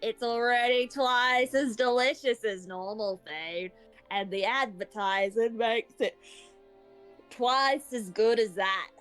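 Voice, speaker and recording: A woman voicing a pompous rich male host with a broad Australian bogan accent and drawn-out, showy praise. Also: a little high, fairly even intonation, a bit bright, smooth, soft background music, poor audio.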